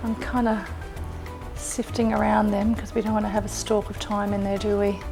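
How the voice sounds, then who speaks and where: A woman's voice: medium pitch, little pitch movement, moderate pace, creaky. A woman hosting a casual cooking demonstration in her kitchen, chatty and gushing as she exclaims over the food. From Australia. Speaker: cooking show host, chef. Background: music and sizzling food.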